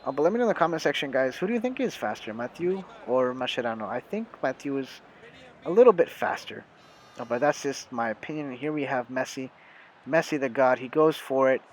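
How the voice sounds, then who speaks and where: A man's voice: medium pitch, animated, fairly quick, slight background noise, low-quality recording. A young American man giving casual, chatty commentary over a football video game, talking to his viewers with lots of fillers and self-corrections. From United States. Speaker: gaming YouTuber.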